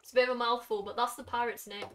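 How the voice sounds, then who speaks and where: A young woman streaming from her bedroom, chatting excitedly and gushing to her viewers. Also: on the high side, rapid-fire. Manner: excitable, gushing, talks to chat. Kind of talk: casual live-stream chat.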